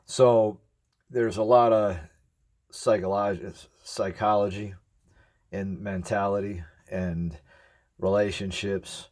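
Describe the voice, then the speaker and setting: A man's voice: fairly low pitch, fairly even intonation, slow, a little mellow. A man in his forties talking earnestly to his viewers in a rambling, reflective way, eating as he speaks. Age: 40s. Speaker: ASMR YouTuber. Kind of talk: casual reflective talk to camera.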